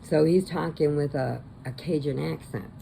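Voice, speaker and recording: Chatty woman vlogger with a low, gravelly voice; rambling movie recap at home. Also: moderate pace, warm tone, a little hiss or hum. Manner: rambling, chatty, laughs often.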